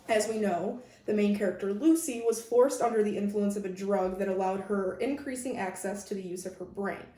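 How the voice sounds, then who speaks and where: A woman's voice: mid-range voice, mellow, reverberant, far from the mic. A woman interviewing someone, reading prepared questions in a casual, hesitant way with many fillers.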